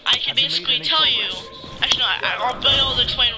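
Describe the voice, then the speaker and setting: A man's voice: extremely high pitch, fast, over loud music. A man, a gaming YouTuber, ranting casually in a vlog, rambling with lots of restarts and fillers and swearing now and then. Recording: noisy background hum.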